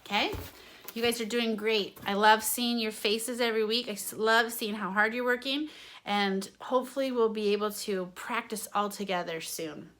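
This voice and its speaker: A woman's voice: fairly high pitch, steady tone, normal speed, a bit bright. A woman drama teacher giving an online singing lesson, explaining each point to her students and then singing examples.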